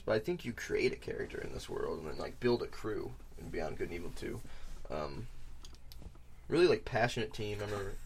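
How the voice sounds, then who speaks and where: Young male podcast host, loose excitable gamer chat, mid pitch. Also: a little hiss or hum. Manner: animated, swearing, lots of fillers. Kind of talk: casual gaming chat.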